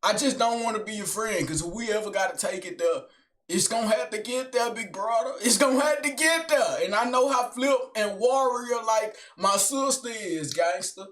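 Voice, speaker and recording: A young man telling a story in animated, slangy street talk, full of tags like "son" and "gang", with low mumbled asides. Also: normal speed. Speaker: vlogger. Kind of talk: casual storytelling monologue.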